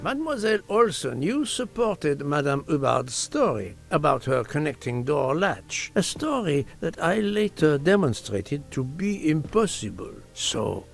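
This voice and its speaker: A man voicing a precise, formal detective who questions suspects with measured courtesy, in a video game. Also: medium pitch, gravelly. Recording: game audio with faint music behind.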